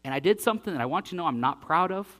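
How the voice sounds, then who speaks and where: A middle-aged male pastor telling a story in his sermon, with a bright, forceful voice pitched a little high. He is animated and self-deprecating, and he acts out the moments with a lot of life. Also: racing.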